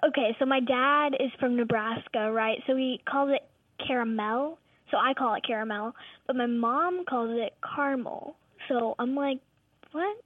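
A woman's voice: sits high, moderate pace, few pauses, dry recording. A young female caller from Texas on a phone line, chatty and curious. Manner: chatty, curious, easily amused. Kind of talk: phone call to a radio show.

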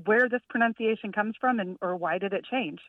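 A woman in her forties calling in to a radio show, chatty and quick to laugh. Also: medium pitch, no echo, recorded from a distance. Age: 40s. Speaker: caller. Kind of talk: casual chat on a call-in show. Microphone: telephone. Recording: muffled phone line.

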